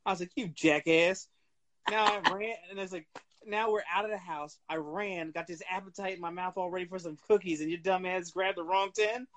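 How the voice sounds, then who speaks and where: Sitting high in pitch and moving a little fast, his voice comes with slight background noise. He co-hosts a wrestling podcast, chatting loosely, swearing freely, and laughing through animated stories.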